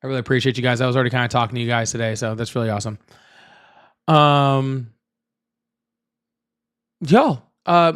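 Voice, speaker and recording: Livestream host, man, slightly high voice, loose rambling delivery to chat. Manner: rambling, repeats himself, talks straight to chat. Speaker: livestream political debate host.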